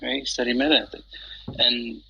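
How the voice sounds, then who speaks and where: A man's voice: medium pitch, little pitch movement, takes it slowly, vocal fry, breathy edge, dry recording. A man chatting casually on an audio call, rambling with many fillers and restarts. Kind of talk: casual chat. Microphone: phone on an audio chat app. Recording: dull lo-fi app audio.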